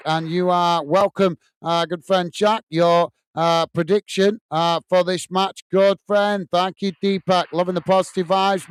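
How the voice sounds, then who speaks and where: The recording is dry and the tone clean as a British man whose voice sits high hosts a football watch-along in his home studio. He's chatty and warm, reading out comments, thanking viewers by name, and using many fillers.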